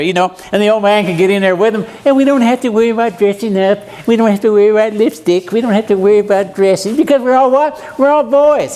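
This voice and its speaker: A man's voice: sits high, darkish tone. A man in his seventies, a guest preacher giving a seminar sermon in a church, folksy and joking, often putting questions to his audience. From USA. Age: 70s. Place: church meeting room.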